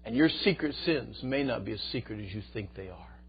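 A man preaching a sermon, dramatic and emphatic, dropping to a hush and then rising loud. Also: medium pitch, expressive, moderate pace, husky, muffled recording.

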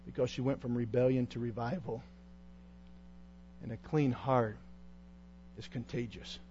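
A man preaching an impassioned revival sermon as a traveling evangelist, swinging from quiet storytelling to loud pleading. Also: medium pitch, steady tone, measured pace, lo-fi sound, slight background noise. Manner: impassioned, rising to shouts.

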